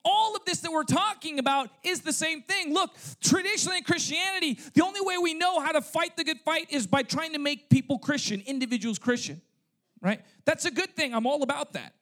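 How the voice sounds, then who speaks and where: High-voiced male pastor preaching. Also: brisk, a bit bright. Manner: punctuates points with "okay?" and "right?"; asks rhetorical questions to the congregation. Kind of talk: sermon. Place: church service.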